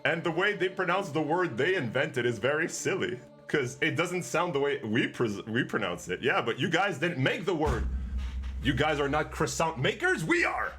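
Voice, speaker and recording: A man's voice: fairly high pitch, sing-song, moderate pace, a bit bright, faint music behind. A man commentating his own gameplay live as a streamer, playful and teasing with his chat. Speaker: game streamer.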